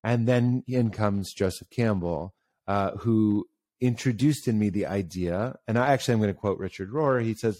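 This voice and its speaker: A man in casual conversation who tells stories with animation, often jumps up in pitch for emphasis and acts out the voices he quotes. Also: normal speed, a little mellow, no room sound.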